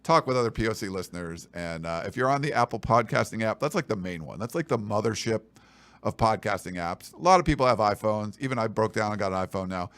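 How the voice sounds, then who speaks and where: A man's voice: fairly low pitch, animated, quick pace, fairly bright tone, dry recording. A man co-hosting a sports podcast, joking and rambling through plugs and sponsor reads while teasing his co-host. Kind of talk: casual chat with sponsor reads.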